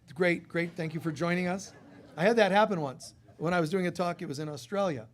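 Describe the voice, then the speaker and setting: A man's voice: high voice, a little fast. A man leading a church service, giving rambling, chatty announcements with many fillers to a congregation.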